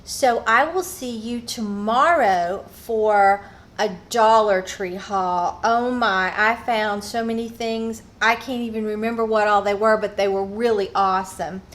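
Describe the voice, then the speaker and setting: A woman chatting casually while she shows a craft project at home, speaking warmly and rambling, recorded on a phone. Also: mid-range voice, measured pace. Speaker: craft vlogger.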